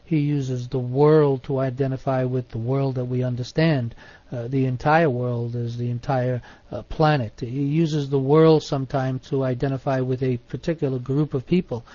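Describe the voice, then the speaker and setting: A man teaching in an online Bible study, measured, stressing single words, with many fillers. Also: medium pitch, fairly even intonation, mellow, no room sound, lo-fi sound.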